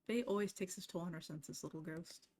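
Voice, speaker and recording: A woman's voice: lowish voice, brisk, darkish tone, close to an everyday voice. A woman doing a brash old crone witch. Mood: gruff. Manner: brash, threatening then gruffly apologetic. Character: old female witch necromancer, gruff, blunt. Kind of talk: reading game dialogue aloud.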